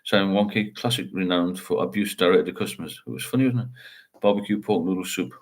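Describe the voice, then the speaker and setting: A man's voice: sits low, a little fast. A middle-aged man, hosting a casual livestream chat and rambling while he reads out viewer comments. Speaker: livestream host.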